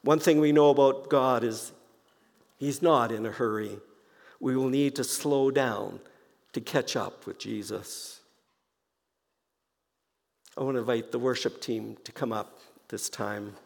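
A man preaching a sermon as pastor, speaking slowly and deliberately and softly repeating key phrases. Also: medium pitch, creaky. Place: church sanctuary. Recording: long reverb of a church hall.

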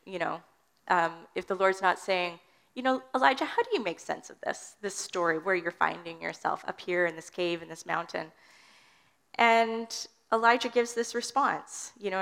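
A woman's voice: medium pitch, fairly bright tone. A woman preaching a sermon in an earnest teaching manner, reading scripture aloud.

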